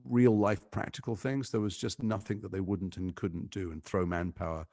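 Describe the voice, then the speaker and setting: Low gravelly man telling stories. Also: moderate pace, no room sound, studio quality. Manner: animated storyteller, mimics voices in anecdotes. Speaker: actor. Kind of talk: interview conversation.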